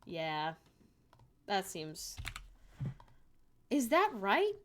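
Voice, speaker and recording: A woman's voice: fairly high pitch, sing-song, a little slow. A young woman chatting casually on a livestream from home, joking and laughing often at herself. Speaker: streamer. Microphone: desk microphone.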